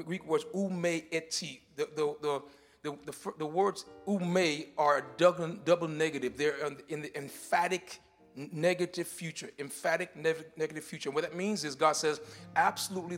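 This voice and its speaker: A man delivers a sermon in a church with a notably high voice. He swings between quiet, careful explanation and loud, urgent declarations, often repeating words as he works through a point. Faint music runs behind him. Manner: shifts from shouted declarations to quiet teaching. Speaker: pastor. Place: church sanctuary.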